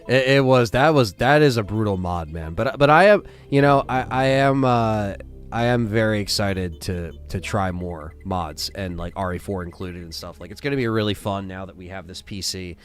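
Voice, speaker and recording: A man's voice: fairly low pitch, normal speed, clean tone. A tired man casually chatting to viewers during a live stream, rambling with many fillers and restarts. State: tired, yawning.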